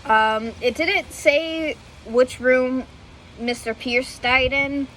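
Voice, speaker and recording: A woman's voice: sits high, steady tone, very slow, fairly bright tone, slight background noise, poor audio. A woman vlogger telling history in a casual, hesitant way, with many fillers and self-corrections, often laughing at herself. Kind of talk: casual unscripted storytelling.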